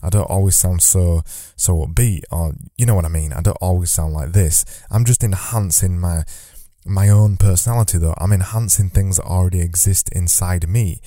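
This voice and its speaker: A deep-voiced man hosts a solo podcast, speaking at a normal pace with a dark tone into a studio microphone, in clean studio quality with no echo. Working from notes, he talks loosely and conversationally, repeating phrases as he thinks aloud.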